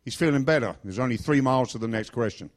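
A man's voice: medium pitch, fast talker. A middle-aged man from England preaching in a chatty, joking storytelling style. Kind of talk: storytelling sermon.

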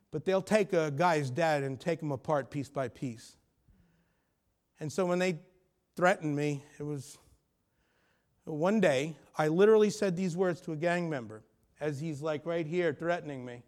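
A middle-aged man preaching a sermon, telling a personal story and rising to loud, emphatic peaks. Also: fairly high pitch. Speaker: pastor.

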